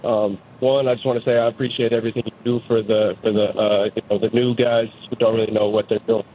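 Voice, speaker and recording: Brief: male phone caller, hesitant and polite, mid-pitched voice, tinny line with faint hiss. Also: level tone, fast talker. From United States. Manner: hesitant, polite, lots of fillers.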